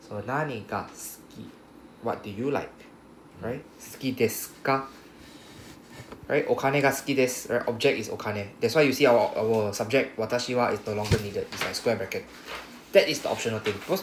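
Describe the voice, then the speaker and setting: A man teaching a Japanese grammar class, explaining patiently and often checking with "right?". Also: mid-range voice. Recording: roomy classroom echo, faint hum.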